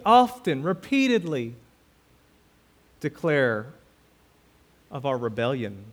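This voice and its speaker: A man preaching a sermon as pastor, reading scripture aloud and repeating key words with emphatic swings between loud and quiet. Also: on the high side. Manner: slow, emphatic preaching with dramatic swings in loudness.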